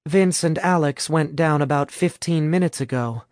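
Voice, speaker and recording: A man voicing a sharp-tongued young female student who can read minds and scolds bluntly in a storybook reading. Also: sits low, normal speed, dry recording, clean studio sound, natural voice. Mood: scolding.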